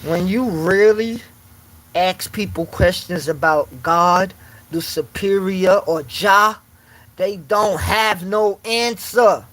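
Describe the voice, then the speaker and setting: A man's voice: sits high, slow, fairly bright tone, low-quality recording. A man in a casual monologue, talking emphatically and confrontationally in street slang, repeating his points.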